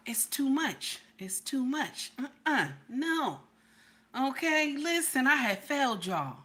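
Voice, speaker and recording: A middle-aged woman chatting casually with her livestream viewers, animated and playful, often laughing and repeating herself with a questioning "okay?". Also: high-pitched, slow. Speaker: livestream host.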